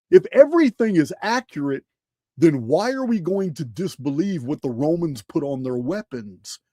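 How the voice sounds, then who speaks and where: A man presents slides in a loose, emphatic way, piling up rhetorical questions and restarting phrases as he goes. His voice is fairly high and gravelly, with a dark, mellow tone. The sound is dry and close. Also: no echo. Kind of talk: casual presentation over slides.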